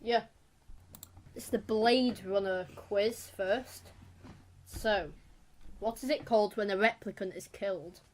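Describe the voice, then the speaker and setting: A woman co-hosting a podcast, chatting casually and reading out quiz questions in a brisk way. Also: mid-range voice, darkish tone, a little hiss or hum. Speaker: podcast co-host and quiz reader.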